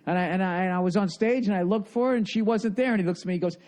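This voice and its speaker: A middle-aged male comedian co-hosting a podcast, chatting casually and telling stories full of laughter and quick impressions of people. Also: sits high. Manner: animated storyteller who laughs often and mimics people. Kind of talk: casual chat.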